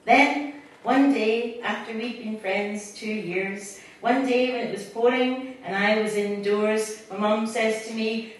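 A woman's voice: medium pitch, moderate pace, a little hiss or hum. A Scottish woman poet reading her poems to a live audience, with chatty asides between them. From Scotland. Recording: distant mic in an echoey hall.

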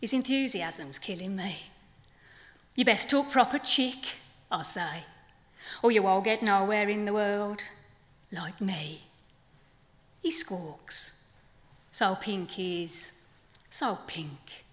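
A woman with a Black Country accent voicing a weary, tart-tongued grandma flamingo in a performed poem, low and grumbling. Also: slow pace, pauses often, lightly acted. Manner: low, dry, grumbling delivery. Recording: long hall reverb.

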